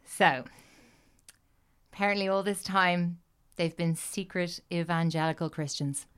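A woman co-hosting a podcast, recounting a story in casual chat with a wry, deadpan manner. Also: on the low side, unhurried, clean tone. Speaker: podcast co-host.

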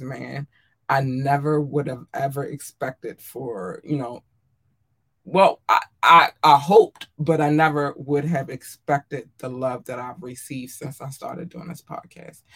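An effusive podcast host chats casually on their own, warmly calling listeners darlings and babies. The talk is loose and rambling, full of ums and small laughs, at a middle pitch. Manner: chatty with frequent ums and laughs. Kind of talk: casual solo podcast chat.

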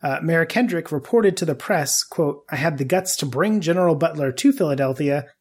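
A man's voice: fairly high pitch, animated, normal speed, slightly rough. A man hosting a podcast, telling a history story casually with asides to his co-hosts.

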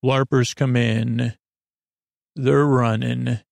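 Creaky-voiced man rambling a sleepy recap. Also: medium pitch, extremely slow, no room sound. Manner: drowsy, meandering, deadpan with many fillers. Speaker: podcast host.

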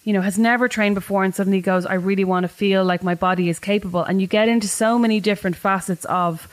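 An Irish woman hosting a podcast, telling animated, self-deprecating stories in casual chat. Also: medium pitch, fast. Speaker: podcast host.

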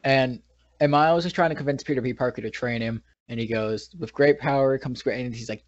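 A man's voice: mid-range voice, a little fast, no echo. Rambling man from New York, dry sound. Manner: rambling retelling with many restarts. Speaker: podcast co-host. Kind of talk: casual movie recap chat. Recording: dull, dry lo-fi recording.

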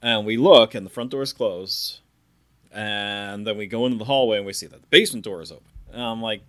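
A man in his thirties, a podcast host, telling a ghost story in a casual, animated way and acting out the sounds. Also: on the low side, a little fast. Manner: animated, acts out sounds and quotes.

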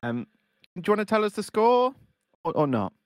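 A stiff local radio news anchor, played by a man in an improv comedy game. The voice is mid-pitched and dry, and he keeps a mock-formal newsreader tone throughout. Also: sing-song, fairly quick, dry recording. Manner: earnest, faux-formal newsreader delivery.

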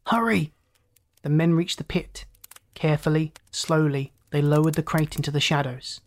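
A narrator reading a story aloud in a steady, dramatic way. The pace stays even, with pitch in the middle range for a reader. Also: normal speed. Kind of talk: audiobook narration.

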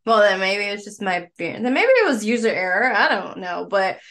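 A woman, a military spouse co-hosting a podcast, telling her own story in a calm, measured way. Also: mid-range voice. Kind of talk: casual chat.

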